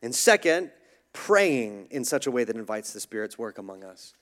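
A man's voice: mid-range voice, sing-song, moderate pace, a bit bright. A man preaching a sermon, casual and conversational, who jokes about himself and acts out the voices of others in his stories. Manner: conversational, self-deprecating humor, acts out voices. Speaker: pastor.

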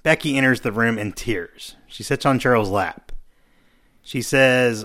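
A man's voice: mid-range voice, a little slow, a bit bright. A man co-hosting a podcast, casually recapping scenes and acting out the characters' lines. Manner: narrates scenes, acts out lines. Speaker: podcast co-host. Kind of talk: casual chat, recapping an episode.

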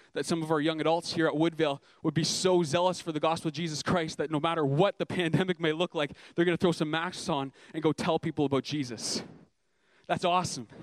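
A man's voice: a little high, no room sound. A young man preaching a sermon as a youth pastor, earnest and emphatic, asking the congregation rhetorical questions.

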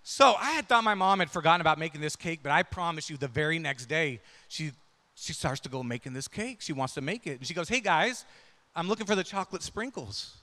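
A male pastor with a high, bright, forceful voice tells a story from the pulpit. He keeps it conversational, tossing "right?" and "yeah?" to the congregation. His words ring out with a long hall reverb. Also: expressive, fast. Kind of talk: sermon with personal storytelling.

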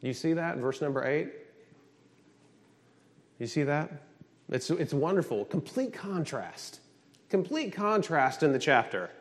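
A man preaching with lively emphasis, his voice sitting a touch high for a man. He asks the congregation questions and answers them himself. He swings between loud, punchy lines and softer, quieter ones. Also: normal speed, long pauses. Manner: emphatic, animated preaching with call-and-response questions. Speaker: pastor. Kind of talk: sermon.

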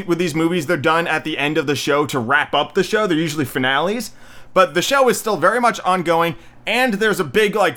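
A young man talks through a movie review in a loose, rambling way, blunt and full of fillers. His voice sits a touch high and sounds bright and forward. He is slightly out of breath. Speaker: podcast host reviewing movies. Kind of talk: casual solo review.

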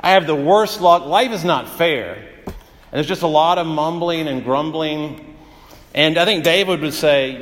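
A man's voice: a little high, measured pace, fairly bright tone, long reverb tail. A man preaching a sermon as pastor, in a conversational way with frequent "uh" fillers and vivid everyday examples.

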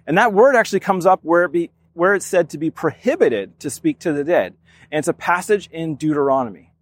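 A man's voice: fairly high pitch, animated, fairly quick, no room sound. A man teaching a sermon, reading scripture aloud and explaining it in a conversational way. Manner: conversational, reads scripture then explains with restarts. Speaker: pastor.

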